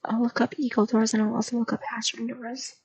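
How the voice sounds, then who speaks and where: A woman's voice: on the high side, little pitch movement, fairly quick, vocal fry, a little mellow, husky, low-quality recording. A woman streamer chatting in a casual, rambling, gossipy way and spilling a story, recorded on a desk microphone. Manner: rambling, gossipy, lots of fillers.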